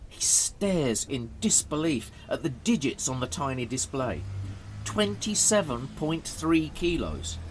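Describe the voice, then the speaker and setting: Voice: medium pitch, slightly rough. A narrator reading a graded story aloud for English learners, telling it dramatically.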